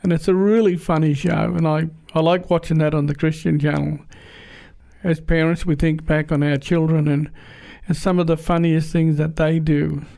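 Gravelly, mellow-voiced middle-aged man. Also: fairly high pitch, level tone, normal speed. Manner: homely, rambling, with frequent restarts. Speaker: storyteller. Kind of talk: casual spoken anecdote.

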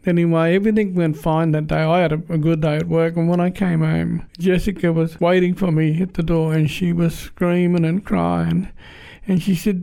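A man's voice: fairly high pitch, steady tone, moderate pace, creaky, mellow. A middle-aged man telling a homely family story in a casual, rambling way, often restarting his sentences. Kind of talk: casual spoken anecdote.

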